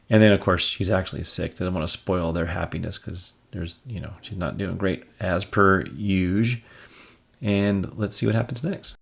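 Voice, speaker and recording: A man's voice: sits low, fairly even intonation, moderate pace, gravelly, breathy edge. A man casually reviewing and reading a comic book aloud, chatty and amused, with jokey asides.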